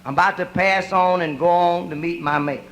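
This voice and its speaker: A dying old preacher, played by a male comic, begs his wife for a promise. He speaks softly and slowly, a bit lower than the storyteller's usual voice, inside a raunchy nightclub routine. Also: fairly even intonation, faint music behind, rough recording. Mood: pleading.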